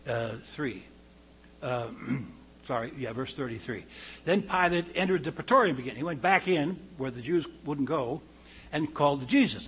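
A man leads a verse-by-verse Bible study, reading quotes aloud louder and higher before dropping low to comment. He clears his throat often, and the audio is poor with slight background noise.

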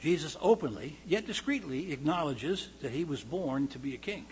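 A man preaching a verse-by-verse Bible study, reading quotes aloud louder and higher, then dropping low to comment, often clearing his throat. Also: lively intonation, moderate pace, a little hiss or hum, low-quality recording.

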